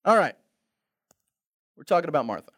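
A male pastor preaching a sermon with humor, moving between loud exhortation and quiet, reflective asides. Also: fairly high pitch, sing-song, brisk.

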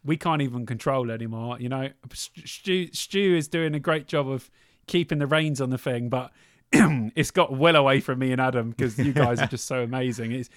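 A man's voice: mid-range voice, moderate pace, dry recording, clean studio sound. A man co-hosting a podcast, teasing his co-host and laughing often. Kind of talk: casual podcast chat.

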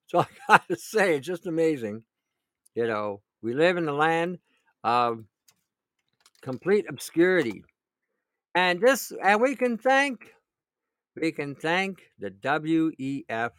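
A man's voice: a little high, a bit bright, smooth, no echo, clean studio sound. A middle-aged man, ranting about politics in a sarcastic, indignant way, often laughing and repeating himself. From Canada. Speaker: vlogger. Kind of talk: political rant.

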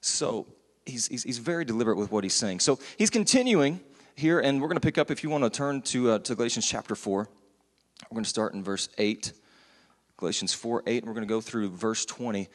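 A man's voice: mid-range voice, animated, fairly quick. Earnest man preaching in a reverberant hall. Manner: earnest, conversational, with many restarts. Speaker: pastor. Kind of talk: sermon. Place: church sanctuary. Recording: long church hall reverb.

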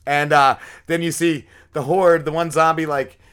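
A man's voice: a little high, steady tone, moderate pace, a bit bright, smooth. A man co-hosting a podcast, casually recapping an episode with lots of swearing and fillers. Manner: rambling, profanity-heavy episode recap full of fillers. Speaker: podcast co-host. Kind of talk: casual chat.

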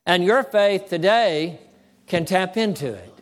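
A man preaching a sermon as pastor, calling for amens and slowing down to stress key words. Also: high voice, animated, big-room sound.

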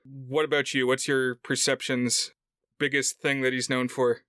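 A man with a bright, smooth voice talks films on a podcast. The sound is dry and close, and his manner is relaxed with dry jokes. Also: mid-range voice, measured pace, no room sound. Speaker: podcast co-host. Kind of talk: casual film chat.

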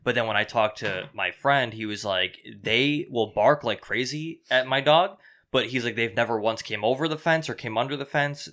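A young man on a podcast telling a story in casual chat, profane and animated, acting out the people he quotes. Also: medium pitch, moderate pace.

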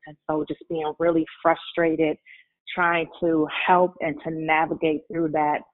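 An older woman from Michigan calling into a prayer line, speaking earnestly and from the heart. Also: low voice. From Michigan, USA. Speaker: caller. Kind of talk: prayer-call testimony. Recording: tinny phone line.

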